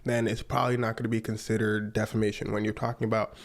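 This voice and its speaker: A man narrating a true story as comedic commentary, in a lively, mocking way. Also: lowish voice, fast talker, vocal fry.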